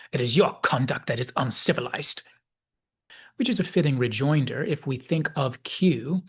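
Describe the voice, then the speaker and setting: A man hosting a video essay, giving measured, reflective commentary and reading out quoted dialogue. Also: mid-range voice, breathy edge. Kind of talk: analytical commentary.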